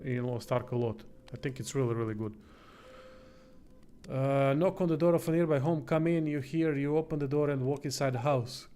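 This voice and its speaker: A man's voice: mid-range voice, steady tone, moderate pace, a little mellow. A tired man streaming, casually reading a text game aloud, swearing now and then and stumbling over words. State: tired, yawning.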